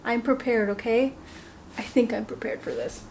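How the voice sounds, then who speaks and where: A woman's voice: fairly high pitch, lively intonation, moderate pace, darkish tone, a little hiss or hum. A young woman with an Indian accent, chatting casually to the camera while cooking in her home kitchen, self-deprecating and talkative. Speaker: home cook vlogger.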